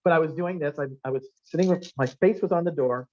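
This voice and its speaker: A man's voice: a little high, fast talker. Brief: male keynote speaker, upbeat storyteller, lo-fi restaurant event recording. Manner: animated storyteller, quizzes the audience with questions. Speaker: guest speaker. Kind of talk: anecdotal seminar talk. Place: restaurant function room. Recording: dull lo-fi room recording.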